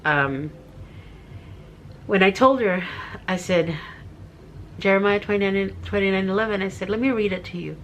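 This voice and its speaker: A woman's voice: mid-range voice, normal speed, long pauses, fairly bright tone, lo-fi sound, a little hiss or hum. A middle-aged woman vlogger telling a heartfelt personal story to her viewers, tearful and rambling with fillers.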